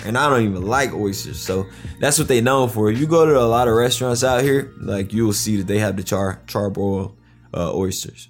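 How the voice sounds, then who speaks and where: Man, low voice, easygoing, storytelling, faint background music. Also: fairly quick. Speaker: football player. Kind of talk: casual interview chat.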